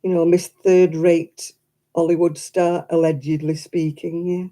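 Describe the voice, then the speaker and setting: A woman's voice: lowish voice, level tone, measured pace, mellow. A woman chatting casually to her live stream audience, rambling and self-deprecating.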